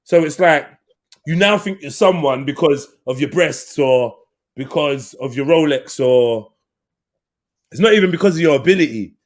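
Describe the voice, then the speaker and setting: A man hosting a casual online panel chat, telling stories and acting out quotes. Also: moderate pace. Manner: animated storyteller, acts out quotes in a high voice. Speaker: panel host.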